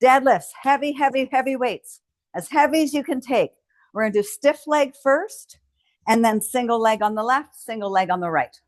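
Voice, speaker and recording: A fitness instructor with a slightly high voice and lively intonation talks at a moderate pace through a home strength routine. Her tone is encouraging as she cues moves and cheers, captured in a dry recording.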